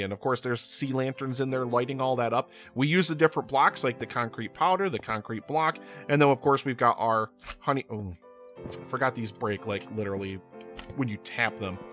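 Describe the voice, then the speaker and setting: A man with a bright, forward voice talks through his gameplay in a loose, rambling way, circling back and repeating words as he goes. He is hosting his own gaming channel, and faint music plays underneath. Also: mid-range voice. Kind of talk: casual gameplay commentary.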